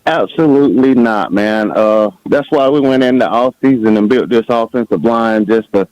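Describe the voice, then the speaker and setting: A man calling in to a sports radio show, firm and steady in his opinion. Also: mid-range voice, normal speed, no echo, dull audio. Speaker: caller. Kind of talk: radio call-in.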